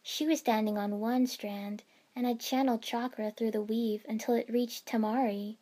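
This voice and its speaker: A woman reading a first-person fan fiction story aloud in a steady storytelling manner. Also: a little high, moderate pace. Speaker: narrator.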